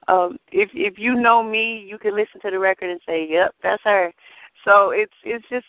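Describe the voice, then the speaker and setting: Animated woman singer, muffled dry sound. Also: medium pitch, a little slow, no echo. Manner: animated, testifying, laughs often. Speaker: gospel singer and label owner. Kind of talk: casual interview talk.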